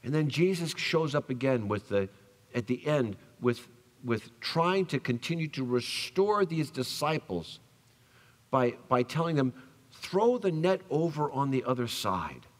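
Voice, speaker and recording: A male pastor preaching a sermon, telling the story with animated acted-out voices and dropping soft for tender lines. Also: medium pitch, a little slow. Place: church sanctuary. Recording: long church reverb.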